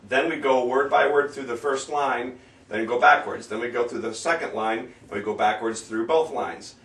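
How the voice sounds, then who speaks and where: A man teaching a sing-along at an even middle pitch, drawing out each foreign word slowly and clearly. He catches and corrects his own slips as he goes. His voice comes from some distance off the mic and rings around a roomy space. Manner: slow, careful enunciation of foreign words, stops to correct himself. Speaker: sing-along leader teaching a German bar song. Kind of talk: casual spoken lesson with sung examples.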